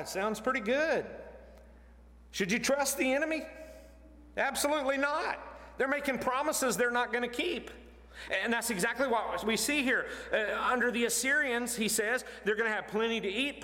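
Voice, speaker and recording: Guy preaching a bible sermon, kinda high voice, really animated, big echoey hall. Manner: animated, emphatic, rising in pitch to stress points. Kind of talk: expository sermon. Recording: long hall reverb.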